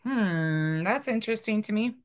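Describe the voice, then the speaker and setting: A woman casually commenting on video clips she is watching, with wry, drawn-out asides. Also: mid-range voice, expressive. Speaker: reaction commentator.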